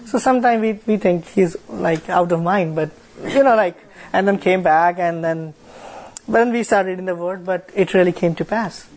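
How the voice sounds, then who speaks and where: A young man with an Indian accent, leading a church fellowship, shares a testimony in halting speech, repeating words and filling with "like" and "you know". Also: high-pitched, darkish tone, poor audio. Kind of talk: sharing a testimony with a congregation.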